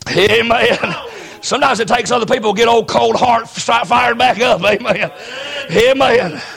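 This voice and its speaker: A preacher with a very high, gravelly voice and a bright, forceful edge. He tells his story in a sermon, swinging between low asides and shouted climaxes. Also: normal speed.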